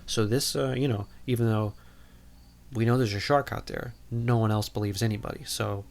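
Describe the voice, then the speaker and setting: A man's voice: on the low side, steady tone, moderate pace, gravelly, a little mellow, a little hiss or hum. A man hosting a podcast, recapping a movie in a casual, rambling, jokey way, full of "like" and "you know". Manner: jokey and irreverent. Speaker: podcast host.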